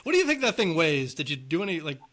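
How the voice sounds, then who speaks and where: A man's voice: on the high side, big pitch swings, quick pace, a bit bright. A man co-hosting a casual podcast who leads the conversation with questions about movies and sports. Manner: quizzing, leading the questions. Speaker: podcast co-host.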